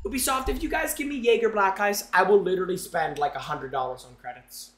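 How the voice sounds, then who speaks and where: Excitable young man streaming, roomy echo. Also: sits high, fast. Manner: excitable, loud, chanting and talking to chat. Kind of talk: casual live-stream chat while opening game packs.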